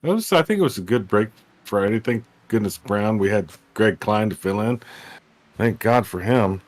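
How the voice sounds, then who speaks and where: A man with a very deep, low voice and a drawl, trading jokes in the commentary booth. He talks loosely and teasingly, ribbing his partners between race calls. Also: lively intonation, moderate pace. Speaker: sim racing commentator. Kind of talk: casual booth banter.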